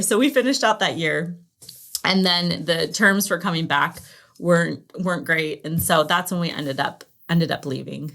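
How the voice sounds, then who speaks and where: Lady from the states telling stories on a podcast, gets animated, does everyone's lines. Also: on the low side, normal speed, gravelly. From United States. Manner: animated storyteller, acts out quoted dialogue. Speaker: podcast guest, business founder. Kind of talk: casual interview chat.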